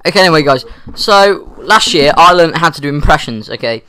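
A man's voice: a little high, expressive, a little fast, bright, forceful tone. A man joking on a comedy podcast, goofy and eager to show off silly impressions. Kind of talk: playful comedy banter.

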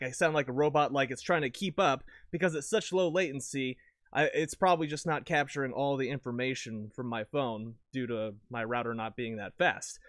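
A man talking casually about his recording setup into a lavalier mic at home, rambling and correcting himself with sudden bursts of excitement. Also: mid-range voice, clear, resonant tone, no room sound. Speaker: video creator. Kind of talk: casual gear talk to camera.

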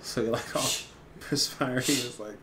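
A man's voice: mid-range voice, moderate pace. A man co-hosting a casual movie commentary, joking, swearing freely and acting out lines from the film. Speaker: commentary co-host. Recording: echoey room with noise.

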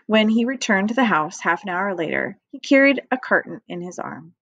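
A woman teacher reading a children's book aloud to her class in a clear, measured way. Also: mid-range voice, animated, fairly bright tone, dry recording, highs cut off.

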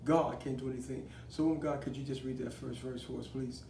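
A man's voice: medium pitch, fairly even intonation, quick pace, creaky. Fervent preaching man, echoey room. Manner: call-and-response preaching, rising to fervent shouting. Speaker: apostle and pastor. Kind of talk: sermon broadcast. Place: studio desk setting. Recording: roomy echo, distant mic, faint hiss.

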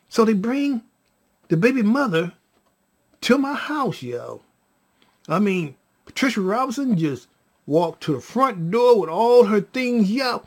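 Man with a husky voice, casual storyteller who moves up and down a lot in pitch. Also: sing-song. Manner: drawn-out, repetitive, trailing off quietly on "y'all". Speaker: storyteller vlogger.

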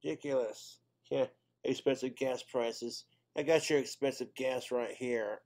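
A man's voice: mid-range voice, fairly even intonation, measured pace, darkish tone. A man doing stand-up comedy, rambling through crude jokes in a casual, off-the-cuff way.

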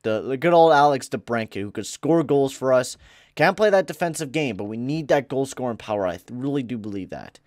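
A man at a middle pitch calls the plays of a hockey video game like a broadcaster, dropping into low mumbled asides and then erupting into shouts when something big happens. He speaks into a close mic with a pop filter, and the sound is dry with no room echo. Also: brisk. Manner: excitable, swings from mumbling to shouting. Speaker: gaming YouTuber. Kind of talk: game commentary. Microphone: close headset or desk mic with pop filter.

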